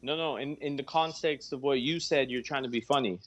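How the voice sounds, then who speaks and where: A man's voice: mid-range voice, a little fast, a bit bright. A man calling into a heated live debate, defensive and interrupting, telling his opponent to be respectful. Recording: dull lo-fi call audio.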